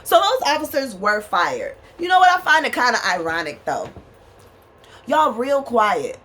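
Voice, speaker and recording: A woman's voice: fairly high pitch, very animated, a little slow, sharp tone. A woman, ranting angrily and profanely to her viewers from a small bedroom. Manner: angry, profane, emphatic, addresses viewers as y'all. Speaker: vlogger. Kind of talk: impassioned rant to camera. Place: small bedroom with a fan running.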